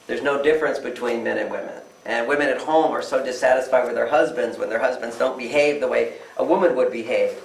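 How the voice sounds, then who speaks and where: A man's voice: medium pitch, brisk, gravelly, few pauses, slight background noise. An older man, a relationship author answering interview questions with emphatic delivery who often acts out quoted voices. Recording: echoey room, distant mic.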